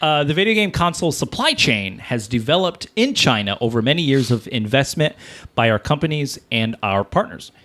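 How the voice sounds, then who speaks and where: A man's voice: medium pitch, very animated, moderate pace, a bit bright. Man reading news on a podcast. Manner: jokey, reads statements aloud. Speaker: podcast co-host. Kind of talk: casual chat, reading news excerpts.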